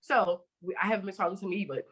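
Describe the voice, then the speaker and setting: A woman hosting a podcast tells a story in casual chat, acting out both sides of the dialogue with plenty of swearing. She talks fast in a husky, mid-range voice on a low-quality recording.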